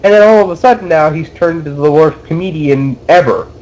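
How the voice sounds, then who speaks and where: A man's voice: a little high, a little fast, a little mellow, muffled recording, a little hiss or hum. A young man co-hosting a casual podcast, ranting about a bad movie with exasperated swearing. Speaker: podcast co-host.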